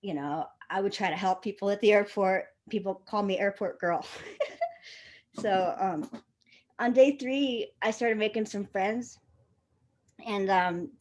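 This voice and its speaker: A young woman recounting a wild personal story in a loose, conversational way, laughing through it and swearing freely. Her voice sits a little higher than most women's.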